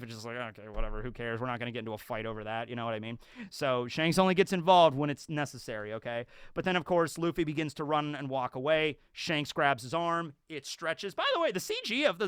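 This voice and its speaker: A man talks through a show episode in a loose, chatty ramble, full of fillers and restarts. His voice is a touch high, bright and crisply clear. The recording is dry with no room sound. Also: no room sound. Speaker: YouTube show reviewer. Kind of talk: casual episode breakdown.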